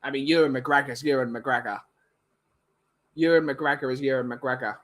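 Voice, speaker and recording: A man's voice: medium pitch, normal speed, a bit bright. A young man chatting casually and opinionatedly to viewers, rambling with many restarts. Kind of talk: casual chat.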